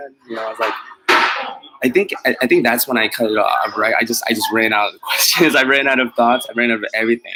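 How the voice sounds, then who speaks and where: A man's voice: medium pitch, fast, noisy background. A man chatting casually to his viewers, rambling and self-deprecating, laughing often, with many fillers and restarts. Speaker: mobile pet groomer vlogger. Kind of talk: casual chat to live viewers.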